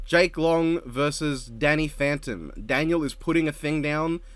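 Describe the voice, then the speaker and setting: A man's voice: a little high, measured pace, fairly bright tone, clean tone, no room sound. A man chatting casually as a co-host, joking, swearing freely and laughing often. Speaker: co-host ranking show intros. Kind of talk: casual podcast chat.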